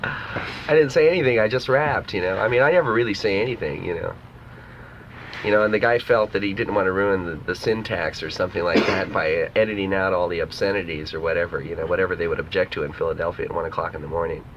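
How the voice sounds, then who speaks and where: A man, a musician guest on a casual radio interview, talking in a relaxed, rambling way that leans on "you know", in a radio studio. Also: sits low, quick pace. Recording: dull archival radio tape with hiss.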